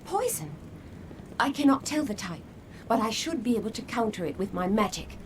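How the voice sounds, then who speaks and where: A man's voice: high-pitched, sing-song, moderate pace, background noise, voice pushed up. A man voicing an earnest female healer. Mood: concerned. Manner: formal, old-fashioned speech. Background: game music.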